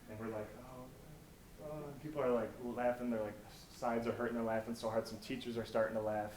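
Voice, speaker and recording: A man's voice: lowish voice, steady tone, a little fast. Man telling stories in an echoey hall. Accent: American. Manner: storytelling, swings from hushed to loud. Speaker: motivational speaker. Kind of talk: inspirational stage talk. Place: college auditorium. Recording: echoey auditorium, faint noise.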